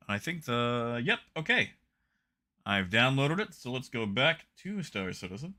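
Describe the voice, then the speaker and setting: Wry bright-voiced male streamer. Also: mid-range voice, sing-song, a little slow. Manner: wry, reads patch notes aloud with dry jokes. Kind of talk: casual live-stream chat.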